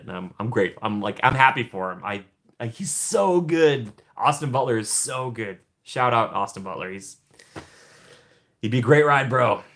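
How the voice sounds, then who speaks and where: A man's voice: on the low side, a bit bright. Chatty man hosting a home livestream. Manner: chatty, rambling, laughs often, trails off. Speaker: livestream host. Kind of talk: casual livestream chat with viewers.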